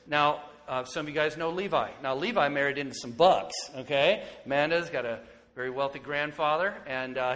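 A man in his forties preaching a sermon as pastor, swinging from hushed, tender moments to loud, excited ones. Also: mid-range voice. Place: church sanctuary. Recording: long hall reverb.

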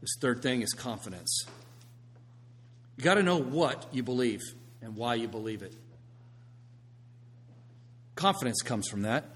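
A man preaching a sermon, swinging from hushed, quiet passages to loud, emphatic ones. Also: medium pitch, expressive, unhurried, long pauses, husky. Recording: long reverb of a large hall.

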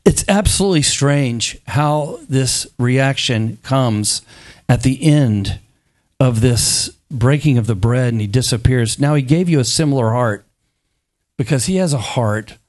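Animated man preaching a sermon. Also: mid-range voice, a little slow. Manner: animated, acts out biblical dialogue in playful voices.

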